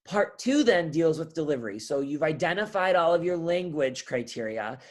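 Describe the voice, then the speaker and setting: A young man, a college speech instructor, talking through a class assignment in a relaxed, chatty way and often checking in with "right?". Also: on the high side, moderate pace. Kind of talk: recorded course walkthrough.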